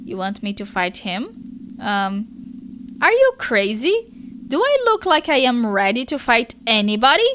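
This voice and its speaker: A woman's voice: fairly high pitch, very animated, measured pace, a bit bright, slight background noise, voice pushed down. A woman with a Brazilian Portuguese first language voicing a weepy teenage girl sprite who breaks into sobbing boo-hoo cries. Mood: panicked.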